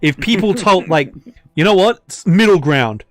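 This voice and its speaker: A man's voice: high voice, moderate pace, dry recording, studio quality. A young Australian man co-hosting a podcast in casual chat, laughing often and swearing freely. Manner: laughing, swearing, animated banter. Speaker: podcast co-host.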